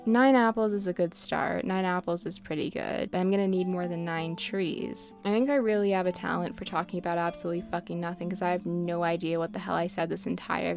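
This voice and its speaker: A young woman with a low, gravelly voice chats loosely over her gameplay, wandering from thought to thought and making fun of herself. She swears freely, and soft game music plays faintly behind her. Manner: rambling, self-mocking, swears often. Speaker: gaming content creator. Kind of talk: casual gameplay commentary.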